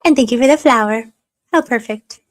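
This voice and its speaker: A woman's voice: on the high side, fairly quick. A woman hosting a casual livestream from home, gushing over viewers' comments and rambling through stories. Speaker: livestream host reading chat.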